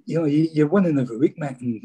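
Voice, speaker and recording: Husky Scottish man telling stories. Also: fairly high pitch, fast talker, mellow. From Scotland. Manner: chatty, rambling, says "mate" often. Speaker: former footballer guest. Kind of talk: casual interview storytelling.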